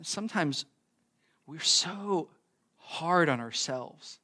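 A man preaching a sermon, passionate and conversational, swinging between soft, intimate lines and loud, emphatic bursts. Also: on the high side, lively intonation, slow. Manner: conversational with fillers and repeats. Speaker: pastor.

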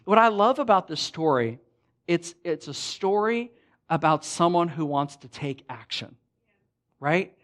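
A man preaching a sermon in a church, conversational and animated, acting out the lines of the people in his story. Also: on the high side, measured pace. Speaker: pastor.

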